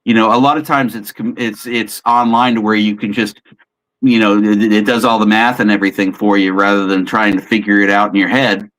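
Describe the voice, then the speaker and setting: A man's voice: lowish voice, flat delivery, fairly quick, a bit bright, low-quality recording. A man in a casual chat, patiently explaining how he runs a tabletop role-playing game, often restarting his sentences.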